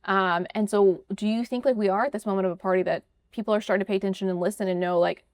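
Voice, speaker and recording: A woman hosting a political interview show, talking in a brisk, conversational way full of "you know" and "like". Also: mid-range voice, steady tone, a little mellow, no room sound. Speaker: podcast host.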